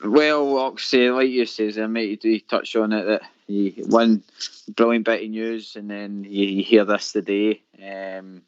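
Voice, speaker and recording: Smooth low man. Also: steady tone, no room sound. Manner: halting. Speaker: show presenter. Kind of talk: casual call-in chat. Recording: dry dull lo-fi audio.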